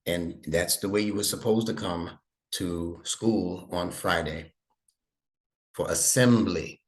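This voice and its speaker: A man's voice: low-pitched, slow pace. A middle-aged man tutoring a young student one-on-one, explaining patiently step by step and checking that he is understood. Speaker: Arabic instructor and imam.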